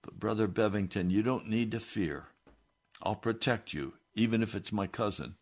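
A man voicing a steady, loyal farmer who speaks calmly and reassuringly. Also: on the low side, moderate pace. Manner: calm, reassuring.

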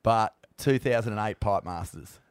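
A man's voice: on the low side, moderate pace, clean tone, no echo. A man hosting a podcast, chatting casually, swearing freely and laughing through his stories. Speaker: podcast host. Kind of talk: casual chat.

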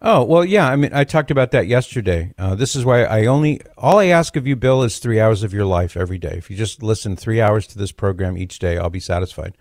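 A man hosting a call-in radio talk show, speaking in a measured, conversational way with occasional dry jokes. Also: on the low side, expressive, darkish tone, dry recording.

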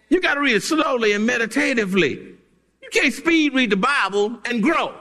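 A male pastor preaching a sermon emphatically, breaking into shouts and chuckles. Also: high-pitched, in a large hall. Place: church sanctuary.

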